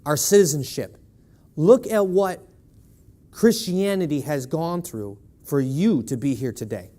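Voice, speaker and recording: Man preaching in church, pitched high, emphatic and questioning the congregation. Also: expressive, measured pace, warm tone. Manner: emphatic, with rhetorical "right?" questions. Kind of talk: sermon.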